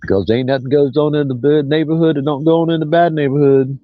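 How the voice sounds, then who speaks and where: A man, rambling through a casual livestream chat as host in a folksy, drawn-out way. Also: a little high, steady tone, dry recording. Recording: dull lo-fi dry sound.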